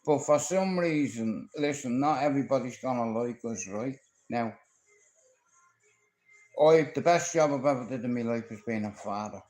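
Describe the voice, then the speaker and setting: A man's voice: mid-range voice, normal speed, a little mellow, echoey room, rough recording. A man from Ireland with a Dublin accent, talking on a livestream in a rambling, profane, confrontational way as he tells stories from his life. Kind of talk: rambling live-stream monologue.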